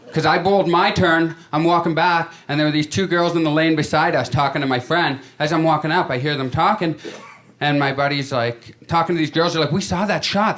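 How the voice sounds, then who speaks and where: A man doing a stand-up comedy set on a club stage, telling stories in a chatty way and acting out his friends in quick voices. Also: a little high, slight background noise. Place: comedy club stage before a live audience. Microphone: handheld stage mic. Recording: live club recording with loud crowd laughter.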